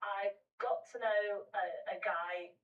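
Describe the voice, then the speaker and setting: A woman's voice: medium pitch, fairly even intonation, takes it slowly, phone-quality sound, a little hiss or hum. A woman guest on a panel show, telling a comic anecdote with hesitations and laughter. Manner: hesitant, laughs through her story. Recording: roomy studio, distant mic.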